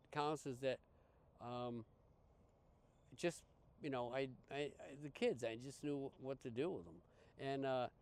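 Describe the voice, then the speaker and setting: Male podcast guest, conversational storyteller, smooth clear tone, mid pitch, lots of false starts. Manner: rambling, full of restarts and fillers, animated quoting. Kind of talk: casual storytelling.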